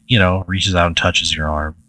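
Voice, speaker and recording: Bright-voiced man spinning a comic story. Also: low-pitched, moderate pace, dry recording. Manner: second-person narration, deadpan escalation.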